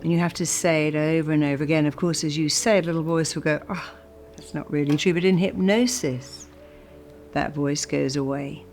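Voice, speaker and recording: A woman hypnotherapist giving a motivational talk, guiding the listener through spoken affirmations and slowing down to stress key phrases. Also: sits low, steady tone, a little mellow, soft background music. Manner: emphatic, slows to stress key phrases and repeats them. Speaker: hypnotherapist and speaker.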